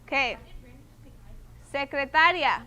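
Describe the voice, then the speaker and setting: A woman with a high, bright voice teaches her class at an unhurried pace. She explains patiently and keeps checking that the students follow. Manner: patient, repeats "okay?" to check understanding. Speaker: Spanish teacher. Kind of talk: classroom instruction.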